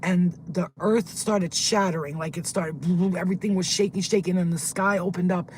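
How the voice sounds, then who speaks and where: Rambling excitable woman in a car. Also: fairly low pitch, moderate pace, a little hiss or hum. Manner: rambling, excitable, swears when flustered. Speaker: spiritual vlogger. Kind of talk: casual storytelling, recounting a dream. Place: car, pulled over.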